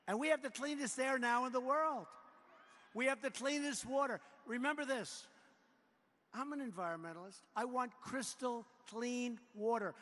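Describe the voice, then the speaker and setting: A man in his seventies giving a boastful, repetitive political rally speech in a large arena, often breaking into shouts. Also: very high voice. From United States. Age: 70s. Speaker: president addressing a rally. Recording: long hall reverb with faint noise.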